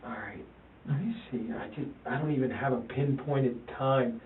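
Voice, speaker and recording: A man, a father in a police interview, talking haltingly, repeating himself and quoting his sons. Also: medium pitch, a little hiss or hum. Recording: tinny, roomy, distant interview-room recording.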